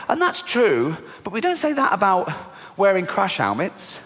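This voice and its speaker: A man's voice: sits high, huge pitch swings, normal speed, hardly any pauses, a bit bright. A British man doing stand-up comedy on a large theatre stage, sarcastic and mock-outraged, with frequent swearing. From Britain. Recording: live theatre reverb with audience noise.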